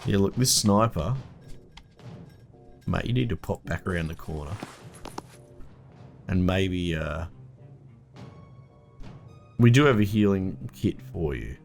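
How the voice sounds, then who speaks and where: A man's voice: low-pitched, lively intonation, slow, gravelly, long pauses, soft background music. A young Australian man giving casual, swear-laden commentary while playing a strategy game, talking bluntly to the screen. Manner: swears freely, blunt and chatty, mutters to the game. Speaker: gameplay video host.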